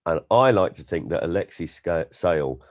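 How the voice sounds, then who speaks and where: Deep-voiced animated male storyteller. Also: normal speed. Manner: animated storyteller, slips into impressions. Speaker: comedian and guest. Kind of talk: casual interview chat.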